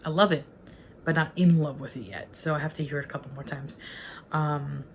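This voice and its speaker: Low-voiced woman in her forties reviewing. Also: steady tone, brisk, slight background noise. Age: 40s. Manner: rambling and self-correcting, openly emotional. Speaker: online movie reviewer. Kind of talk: casual spoken film review.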